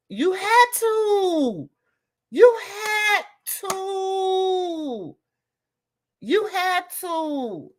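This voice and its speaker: A woman in her fifties hosting a casual commentary, emphatic and animated, repeating lines for effect. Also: fairly high pitch. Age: 50s. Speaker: host.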